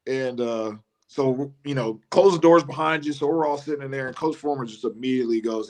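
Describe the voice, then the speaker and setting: A man's voice: fairly quick, hardly any pauses. A man, a former college football player telling casual stories as a guest on a live show, often restarting and laughing. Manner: animated storyteller who mimics his coach in a high voice, laughs often, many restarts.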